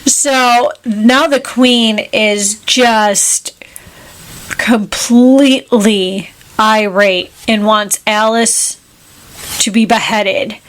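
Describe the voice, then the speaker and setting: A woman co-hosting a podcast, retelling a film plot in casual chat with animated, quick asides. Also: a little high. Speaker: podcast co-host.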